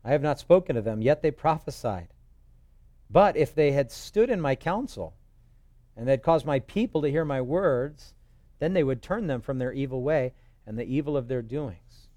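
A man's voice: mid-range voice, expressive, normal speed, dark tone, dry recording. A man preaching a sermon as pastor, telling stories in a loose conversational way with joking asides. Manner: acts out quoted voices. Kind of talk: expository sermon.

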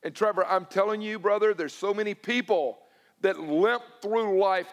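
A male pastor, preaching a sermon and swinging between loud emphatic lines and hushed, personal ones. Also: high voice, moderate pace, long reverb tail. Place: church sanctuary.

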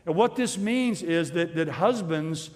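A middle-aged man preaching a sermon in a church, earnest and measured, repeating his key phrases. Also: fairly high pitch, expressive, darkish tone, big-room sound. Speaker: pastor.

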